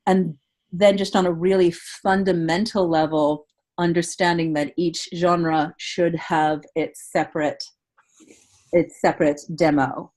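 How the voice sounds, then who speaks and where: A woman's voice: fairly low pitch, steady tone, a little slow, darkish tone. A woman hosting a webinar and giving casual voiceover advice, talking in chatty bursts with many restarts. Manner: chatty, with frequent restarts and fillers. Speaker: voiceover coach and webinar host.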